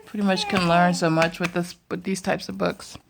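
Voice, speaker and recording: A woman's voice: on the low side, flat delivery, moderate pace, gravelly, noisy background. A young mother at home in her bedroom, talking to her toddler in coaxing, sing-song baby talk and often laughing. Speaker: vlogger mother.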